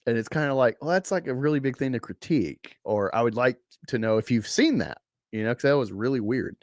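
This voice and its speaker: A man casually reviewing a comic book, animated and rambling, laughing often. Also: medium pitch, a little fast, dry recording, clean studio sound.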